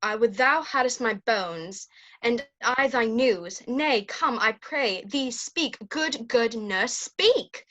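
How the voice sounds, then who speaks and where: Woman doing juliet, young impatient girl, eager pleading verse, bit high voice. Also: lively intonation, slow pace, a bit bright, slight background noise, rough recording. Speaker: actor in an online Shakespeare reading. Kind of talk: amateur Shakespeare stage acting. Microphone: video call microphone.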